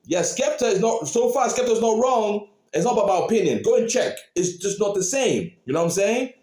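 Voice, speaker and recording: Guy reacting to a track, lively up and down voice, bit high, roomy echo. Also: fairly quick. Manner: animated, laughs often, repeats "you know what I mean". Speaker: reaction video host. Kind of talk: excited casual commentary.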